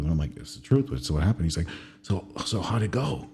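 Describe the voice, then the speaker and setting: Blunt, fast-talking low-voiced man. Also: animated, warm tone. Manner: crude, blunt, boastful. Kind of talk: casual storytelling.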